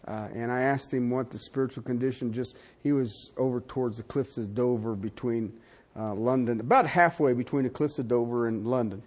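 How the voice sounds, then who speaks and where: An older man preaching a sermon, animated and conversational, with frequent asides to the congregation. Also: a little fast. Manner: animated preaching with wide swings in pitch and loudness, asides to the audience. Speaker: pastor.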